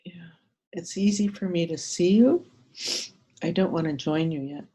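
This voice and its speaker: A woman taking part in a training exercise over a video call. She speaks tenderly and haltingly, pausing as she shares her feelings. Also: on the low side, mellow. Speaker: workshop participant. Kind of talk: slow, heartfelt sharing in a training exercise.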